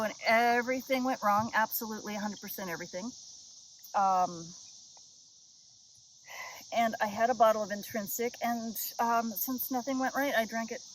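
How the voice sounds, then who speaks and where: A woman's voice: mid-range voice, a bit bright, a little hiss or hum, low-quality recording. A woman chatting casually to her viewers in a rambling, self-deprecating vlog, recorded on a head-mounted camera outdoors on a river island. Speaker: vlogger. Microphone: head-mounted action camera. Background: insects and nature sounds.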